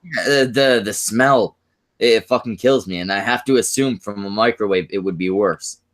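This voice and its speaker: Hesitant low-voiced man. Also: moderate pace. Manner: hesitant, many fillers and restarts. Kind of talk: casual chat.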